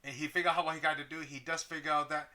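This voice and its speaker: A young man co-hosting a casual podcast chat, animated, laughing often and acting out lines. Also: on the high side, rapid-fire. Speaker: podcast co-host.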